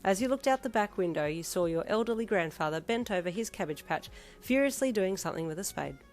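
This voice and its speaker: A woman reads a fan fiction audiobook aloud, narrating expressively in second person. Her voice sits at a middle pitch for a woman, with faint music underneath. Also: animated, quick pace.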